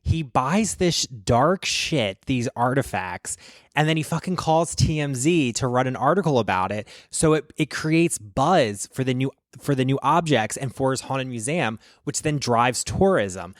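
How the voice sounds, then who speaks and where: A man's voice: medium pitch, expressive, measured pace, no echo. Male vlog host, chatty and profane, rambling gossip, dry close sound. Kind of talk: casual reaction chat.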